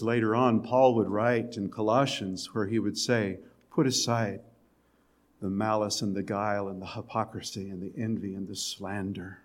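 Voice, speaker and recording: Guy preaching, talks to the congregation casually, goes quiet for emphasis, chuckles now and then. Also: fairly low pitch. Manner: conversational preaching, drops to soft emphatic lines, occasional chuckles. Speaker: pastor. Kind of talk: sermon.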